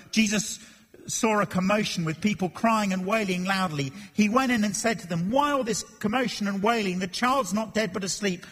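Husky high-voiced preacher in reverberant hall. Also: male voice. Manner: animated, acts out Bible voices and jokes. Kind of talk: expository sermon. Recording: long reverb of a church hall.

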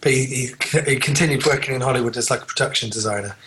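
A man's voice: medium pitch, fast talker, a bit bright, poor audio. A man co-hosting a casual film podcast, rambling through trivia with many fillers and restarts. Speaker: podcast co-host.

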